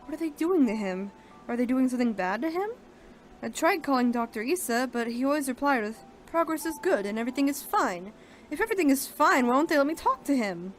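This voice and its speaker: A woman's voice: sits high, very animated, a little fast, a little hiss or hum. A woman voicing a desperate young man who pleads with his friend, reading a visual novel aloud. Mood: pleading. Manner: pleading, urgent.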